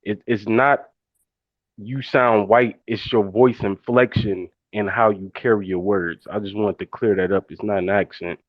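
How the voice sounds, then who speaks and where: A man from Detroit speaking up as a caller in a live audio room. His voice is low, dry and a bit dull, as if through a lo-fi phone mic. He explains things slowly, with frequent ums. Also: steady tone, no echo. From Detroit, USA. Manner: measured, explanatory, with pauses and ums.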